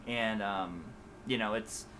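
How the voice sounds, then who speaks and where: Bright-voiced man with a Midwest-Southern accent. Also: lowish voice, steady tone, slow pace, a little hiss or hum. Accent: mixed Midwest and Southern US. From USA. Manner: rambling, loose, many fillers and restarts. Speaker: guitar teacher answering live chat. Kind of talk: casual livestream chat.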